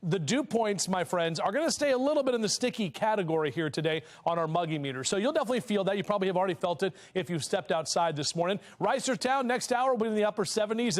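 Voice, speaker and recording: A man giving a playful morning weather forecast in a TV news studio, joking and hamming it up. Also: high-pitched. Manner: jokey, animated, hams it up.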